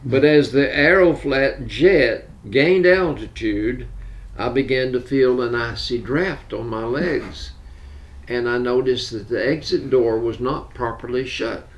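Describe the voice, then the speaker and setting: A man's voice: medium pitch, measured pace, lo-fi sound. An older man with a Southern US accent, a talk show co-host telling jokes and laughing at his own punchlines. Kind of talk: casual joke telling.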